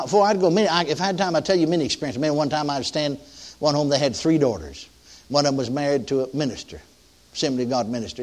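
An older man preaching a sermon, telling a story in a folksy way, with many restarts and emphatic peaks. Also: mid-range voice.

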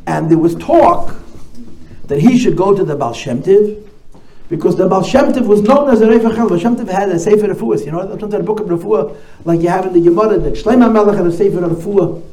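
Animated storytelling rabbi, high voice. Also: male voice, brisk. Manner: animated storyteller, repeats key phrases. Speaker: rabbi giving a talk. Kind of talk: storytelling talk at a gathering. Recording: echoey room, faint noise.

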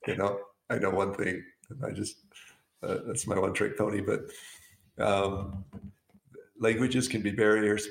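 A man co-hosting a casual talk show, telling stories in a relaxed way with frequent chuckles. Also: low-pitched, vocal fry. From United States. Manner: relaxed storyteller, chuckles often. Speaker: co-host. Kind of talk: casual conversation. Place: Southeast Arizona. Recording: roomy echo.

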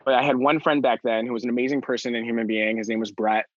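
A man's voice: mid-range voice, flat delivery, fast talker, no room sound. An earnest young man tells his own story in an interview, circling back and restarting as he goes. His voice sits mid-range and the sound is dry and a little dull, with no room around it. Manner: earnest, rambling with many fillers and restarts. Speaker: interview guest.

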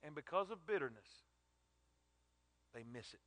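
A man's voice: fairly high pitch, animated, measured pace, fairly bright tone, no room sound. A man preaching a sermon in an emphatic, emotional way, often repeating his words.

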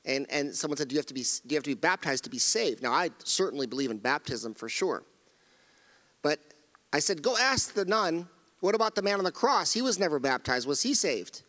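A man's voice: on the high side, big pitch swings, fairly quick, bright, forceful tone, in a large hall. A middle-aged male pastor preaching a sermon, earnest and emphatic, often repeating phrases and restarting his sentences. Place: church sanctuary.

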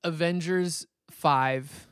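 A man's voice: fairly high pitch, steady tone, extremely slow, a bit bright, clear, resonant tone, dry recording, clean studio sound. A man co-hosting a casual movie podcast, joking around and slipping into silly voices. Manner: playful, jokey, slips into silly voices. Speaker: podcast co-host.

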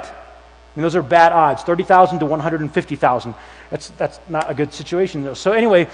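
High-voiced animated preacher man. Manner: animated storytelling, acts out voices with shouts and whispers. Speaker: youth pastor. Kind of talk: sermon. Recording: long hall reverb.

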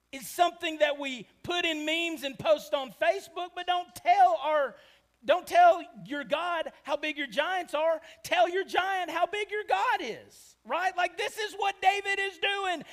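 A man preaches with a strikingly high voice. He swings between shouting and near whispers, acting out the characters he describes. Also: a little slow. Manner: animated, swings from shouting to hushed, acts out quotes. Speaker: pastor. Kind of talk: sermon.

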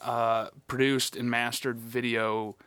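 A man's voice: medium pitch, level tone, slow, fairly bright tone, clear, resonant tone, dry recording. A man co-hosting a casual radio show, rambling with lots of hesitations.

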